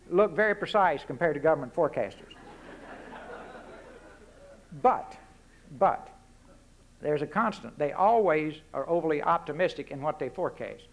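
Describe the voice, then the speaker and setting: A man with a Texas accent speaking before an audience at a forum, giving a folksy political speech full of punchy rhetorical questions and asides. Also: high voice. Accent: Texan. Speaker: guest speaker.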